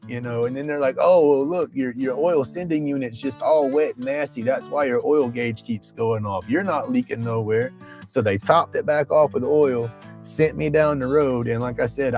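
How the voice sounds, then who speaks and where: A man's voice: mid-range voice, darkish tone. Rambling man telling a story. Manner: rambling, colloquial, profane, with Southern phrasing. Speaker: livestream host. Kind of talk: casual storytelling chat.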